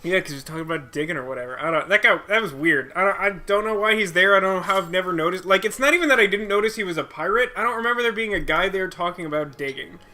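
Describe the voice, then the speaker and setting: A man's voice: high-pitched, fast talker, few pauses, bright, forceful tone. A man co-hosting a let's play, giving casual gameplay commentary in a rambling, playful, self-mocking way.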